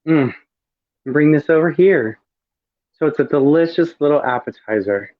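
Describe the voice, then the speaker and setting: Male host, campy cooking demo, higher voice, dry dull call audio. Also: expressive, moderate pace, no room sound. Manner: campy, chatty, savoring each bite aloud. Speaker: drag performer cooking on a livestream. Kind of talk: casual cooking demonstration.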